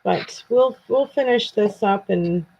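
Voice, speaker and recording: A woman's voice: mid-range voice, slow, gravelly, dark tone, slightly rough. A tired woman from Canada hosting a casual true crime live stream, chatting with viewers in a self-deprecating way. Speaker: true crime channel host. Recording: dull lo-fi home stream audio.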